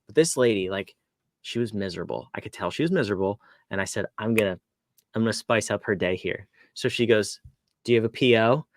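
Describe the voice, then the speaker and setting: A man's voice: fairly low pitch, brisk, slight background noise. A man co-hosting a business podcast, chatting casually and telling a jokey story. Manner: jokey, conversational. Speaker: podcast co-host. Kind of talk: casual chat.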